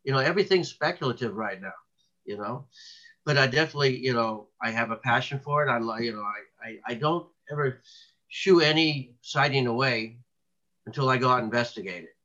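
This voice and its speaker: A man's voice: medium pitch, a little fast, bright, forceful tone, lo-fi sound. A man being interviewed as a researcher, telling long stories in a rambling way, with many restarts and fillers. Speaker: cryptid researcher guest. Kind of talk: casual interview talk.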